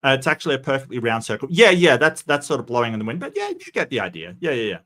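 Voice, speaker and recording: This man's medium-pitched voice swoops wildly, with a sharp tone and a very fast pace. A streamer reading his chat, he talks loosely, answers viewers as he goes, and rambles through fillers and false starts while voicing plenty of strong opinions.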